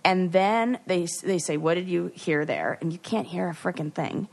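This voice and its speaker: A woman co-hosting a podcast, retelling what she watched in a lively, chatty way with restarts and playful asides. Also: on the low side, normal speed, vocal fry. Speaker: podcast co-host. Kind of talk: casual chat.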